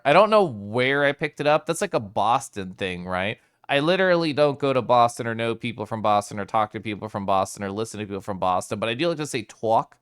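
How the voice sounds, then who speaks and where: Animated, giggly male streamer. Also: mid-range voice, a little fast, few pauses, clean tone. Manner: playful, giggly, animated, greets viewers by name. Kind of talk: casual chat with live chat.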